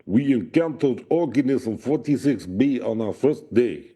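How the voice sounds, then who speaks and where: A man voicing a grave male Russian scientist with a put-on Russian accent, telling his account slowly and solemnly. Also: mid-range voice, lively intonation, warm tone, slightly rough, pitched above the performer's own voice.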